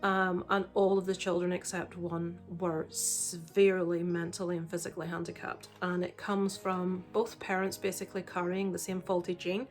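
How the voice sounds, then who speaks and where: A woman's voice: fairly low pitch, level tone, normal speed, hardly any pauses, soft background music. Chatty woman reviewing films. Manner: chatty, candid, frequent "um" fillers. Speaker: film reviewer. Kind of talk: casual vlog review.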